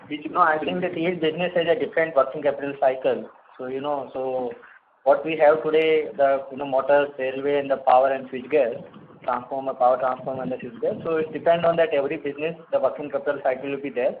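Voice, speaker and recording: A man's voice: mid-range voice, fairly even intonation. A man with an Indian English accent, explaining as a company executive, with many filler phrases. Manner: rapid, many "you know" fillers. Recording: tinny phone line with faint noise.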